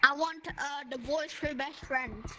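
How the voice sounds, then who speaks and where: A high-pitched woman plays out a silly role-play inside a VR game. She talks in a dramatic, excitable way and breaks into sudden shouts. Her headset mic sits in a noisy capture full of game clicks. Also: a little slow. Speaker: gamer making a VR game movie.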